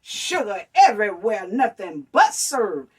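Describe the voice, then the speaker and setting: A woman's voice: mid-range voice, big pitch swings, measured pace, husky, distant mic. A woman giving sassy casual reaction commentary as a vlogger, calling her viewers honey and baby.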